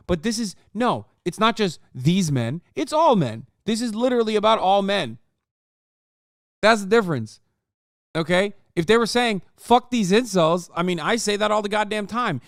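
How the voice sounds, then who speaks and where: A man's voice: on the high side, smooth, no room sound, studio quality. A man in his thirties giving profane, sarcastic reaction commentary, ranting at what he watches. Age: 30s. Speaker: streamer reacting to a video.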